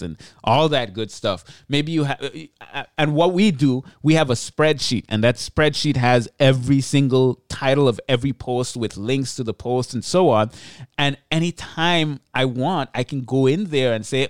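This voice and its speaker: A man's voice: mid-range voice, dry recording, clean studio sound. Tired, chatty male podcast host. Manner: energetic, chatty, self-deprecating asides. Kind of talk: solo podcast teaching. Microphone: close podcast mic.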